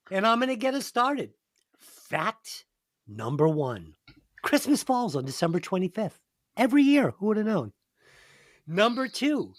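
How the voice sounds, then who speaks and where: A man's voice: sits high, sharp tone, no echo, clean studio sound. A man hosting a podcast, joking crudely and laughing often. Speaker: podcast host. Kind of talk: casual podcast banter.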